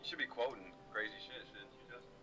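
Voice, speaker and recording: Game master, male, mid pitch, casual stammering delivery, faint background music. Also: fast, pushed and bright, husky. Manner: loose, stammering narration. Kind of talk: running a tabletop game.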